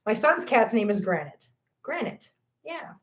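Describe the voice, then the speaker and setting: A middle-aged woman hosting a casual live stream, chatty and animated, greeting viewers by name as she chats. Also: fairly high pitch, unhurried. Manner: chatty and animated, reads viewer comments aloud. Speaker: livestream host. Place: home, indoors. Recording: echoey room.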